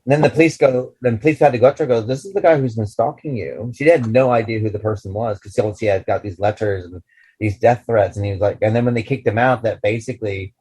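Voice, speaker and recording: A man's voice: lowish voice, fast, dark tone, slightly rough, rough recording. A man co-hosting a podcast, telling rambling anecdotes in casual chat with many restarts and fillers. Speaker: podcast co-host.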